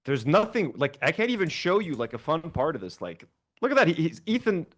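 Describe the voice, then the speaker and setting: A man's voice: on the high side, big pitch swings, a little fast, a bit bright. A man co-hosting a livestream, reacting in casual chat with lots of fillers and swearing. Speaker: livestream co-host.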